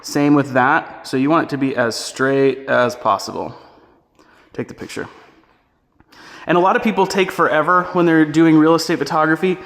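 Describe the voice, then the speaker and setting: A man giving a relaxed, chatty on-location tutorial, talking through each step while he walks through a house. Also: on the high side, moderate pace. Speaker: real estate photography instructor. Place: indoors walking through a house.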